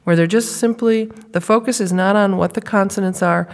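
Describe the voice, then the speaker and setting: A woman teaching about child speech development, explaining steps in a clear, measured way and sounding out examples of how children say words. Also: mid-range voice, fairly even intonation, big-room sound. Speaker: speech therapy instructor. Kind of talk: instructional lecture.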